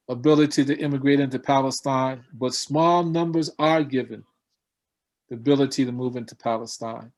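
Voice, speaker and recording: A man's voice: mid-range voice, fairly even intonation, normal speed. Man lecturing, questioning his class. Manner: questioning, repeats key words, many fillers. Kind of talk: seminar lecture.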